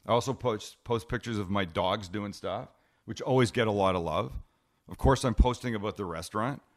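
Fairly quick and lowish, the voice belongs to a middle-aged man who hosts a cooking show on TV. Interviewed casually for a podcast in his home living room, he's a lively storyteller who voices the dialogue himself.

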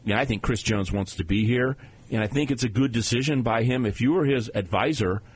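A man co-hosting a sports radio show, breaking down games in a steady, analytical way. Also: mid-range voice, brisk, husky, rough recording. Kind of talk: casual sports talk.

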